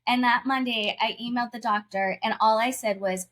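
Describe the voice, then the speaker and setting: A woman speaking as a podcast guest, recounting a deeply personal faith story. Her delivery is earnest and heartfelt. She is casual and full of everyday fillers, and she stops to correct herself mid-thought. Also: steady tone, fairly quick, fairly bright tone.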